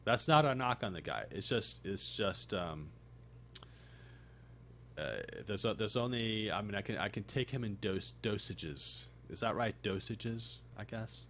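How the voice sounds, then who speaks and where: A tired, groggy man chatting casually on his live stream, rambling with halting restarts. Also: fairly low pitch, expressive, fairly bright tone, slight background noise. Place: home streaming setup.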